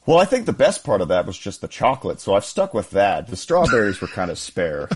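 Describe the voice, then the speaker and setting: A man's voice: lowish voice, big pitch swings, a little fast, breathy edge. A man, calling in and telling stories in an easygoing way with chuckles. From Texas. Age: 30s. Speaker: caller. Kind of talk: call-in chat.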